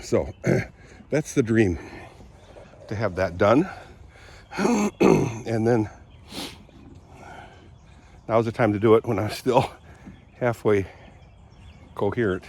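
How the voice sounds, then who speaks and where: Throat-clearing rambling man outdoors. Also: lowish voice, lively intonation, slow pace, long pauses, darkish tone, slight background noise. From Southwest Michigan. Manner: rambling, chatty, frequent throat clearing and coughs. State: lingering cold, throaty. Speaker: vlogger. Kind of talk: casual walk-and-talk vlog. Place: outdoors on a farm.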